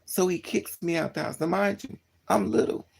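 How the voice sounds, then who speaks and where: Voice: mid-range voice, steady tone, normal speed, creaky, a little mellow, slight background noise. A livestreamer telling a personal story to live chat in a casual way, talking bluntly with swearing and often repeating and correcting themselves.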